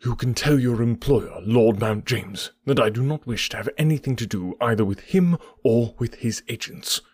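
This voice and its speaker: A man's voice: medium pitch, moderate pace, darkish tone, breathy edge, dry recording, close to an everyday voice. A man voicing a stern, curt middle-aged male doctor who turns furious, with clipped, cold, formal replies. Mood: angry.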